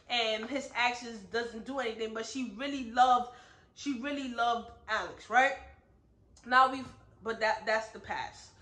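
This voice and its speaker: A high, bright-voiced woman gives a casual recap of a book. She tells the story with animation and keeps checking in with listeners. The room sounds echoey. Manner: animated storyteller, asks "right?" often. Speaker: book club host. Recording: roomy echo.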